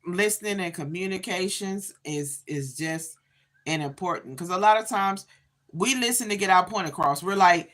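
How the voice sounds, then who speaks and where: A woman's voice: on the low side, animated, normal speed, fairly bright tone. A woman in her fifties chatting casually to viewers on a livestream, talking straight to them with lots of "you know"s. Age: 50s. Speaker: livestream host.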